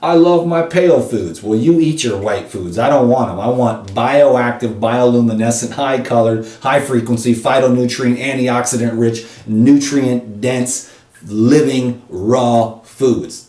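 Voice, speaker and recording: A man vlogging in an impassioned, preachy casual rant, talking straight to the viewer in animated bursts. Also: medium pitch, a little slow, reverberant, far from the mic.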